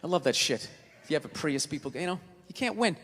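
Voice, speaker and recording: A man doing a stand-up comedy routine, ranting loudly, swearing and acting out voices in his stories. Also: a little high, animated, fast, in a large hall, background noise.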